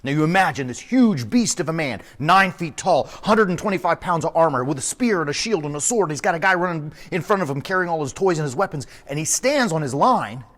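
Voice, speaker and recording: Animated storytelling priest, man. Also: a little high, fairly quick, few pauses. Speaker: priest and podcast host. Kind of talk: storytelling sermon podcast. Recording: long echoey reverb.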